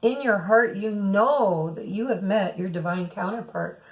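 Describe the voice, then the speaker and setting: A woman's voice: medium pitch, measured pace, muffled recording. A woman giving a weekly tarot reading, musing aloud and speaking to her viewers as "some of you.". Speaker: tarot reader.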